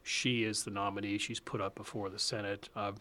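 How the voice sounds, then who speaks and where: A man hosting a political interview, and his voice sits on the lower side. He questions his guest in a brisk, animated, conversational way, speeding up as he makes his points. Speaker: host.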